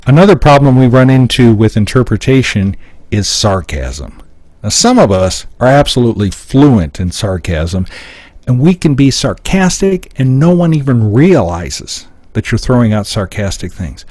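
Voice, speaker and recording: A man's voice: mid-range voice, very animated, normal speed, a little mellow, no room sound. A man presenting a live seminar, explaining points emphatically and acting out short example lines. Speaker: seminar speaker. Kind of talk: live public-speaking seminar. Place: seminar room before an audience.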